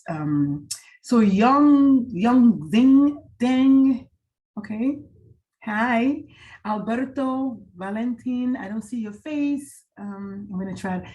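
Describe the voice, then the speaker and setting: A middle-aged woman presenter on a video call from a hotel room, chatting warmly and greeting each attendee by name. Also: mid-range voice. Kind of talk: casual online talk wrap-up.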